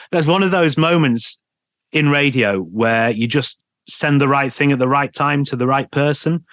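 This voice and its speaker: A man, a radio presenter telling lively anecdotes in an interview, laughing often and mimicking people he knew. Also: medium pitch, no echo, clean studio sound. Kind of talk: storytelling interview chat.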